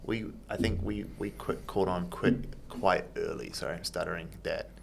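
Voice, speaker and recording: A man's voice: deep voice, steady tone, normal speed, vocal fry, a little hiss or hum. A man hosting a podcast, asking loose, rambling questions full of restarts and fillers. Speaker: podcast host. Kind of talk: casual interview chat.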